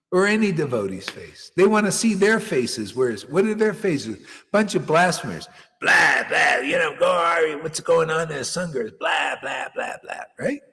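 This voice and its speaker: A man's voice: a little high, creaky, a bit bright, in a large hall. A man, a spiritual teacher, telling stories in a dramatic, scolding and mocking way. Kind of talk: animated storytelling talk.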